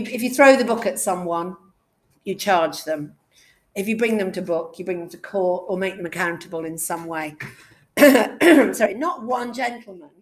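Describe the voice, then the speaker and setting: A woman English teacher giving a classroom lesson, chatty and jokey, quizzing her students as she goes. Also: medium pitch.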